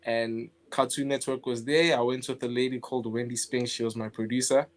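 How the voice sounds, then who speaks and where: This is a young man from South Africa, a guest animator, talking briskly and in a mid-range voice during an informal interview. Relaxed throughout, he laughs often and begins phrases again.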